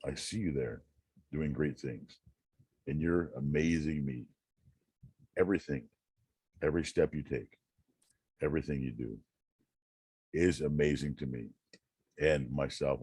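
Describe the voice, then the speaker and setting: A man hosting a channel, reading self-help quotes and musing aloud in a slow, rambling way, often repeating words. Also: extremely low pitch, a little mellow, husky, no echo. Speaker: channel host.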